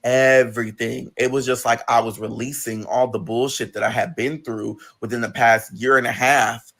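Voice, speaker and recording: Bright-voiced man telling a raw story. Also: flat delivery, normal speed, vocal fry. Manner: emphatic and profane, with sudden high-pitched outbursts. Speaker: guest telling his life story on a livestream. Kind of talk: emotional personal storytelling.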